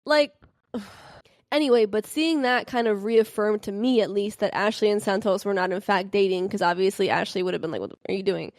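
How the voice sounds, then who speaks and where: A young adult woman hosting a casual podcast, telling gossip and stories animatedly and acting out quotes with big jumps in pitch. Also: moderate pace, dry recording, clean studio sound. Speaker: podcast host. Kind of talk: casual chat about reality TV and celebrity gossip.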